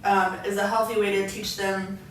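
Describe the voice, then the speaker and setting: A young woman co-hosts a casual chat, telling lively stories and quoting herself along the way. Her voice sits far from the mic in a very echoey room, with faint noise underneath. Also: mid-range voice, moderate pace. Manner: animated storyteller, quotes herself. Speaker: podcast co-host.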